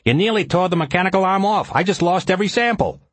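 A man voicing a bossy, short-tempered team leader who yells demands. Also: mid-range voice, big pitch swings, moderate pace, husky, no room sound, voice pushed up, heavily acted. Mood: angry. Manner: angry, demanding.

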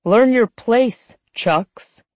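A woman's voice: fairly high pitch, very slow, a little mellow, no echo, pitched above the performer's own voice. Woman voicing a cold arrogant male boss. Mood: cold, condescending. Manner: clipped, menacing, condescending.

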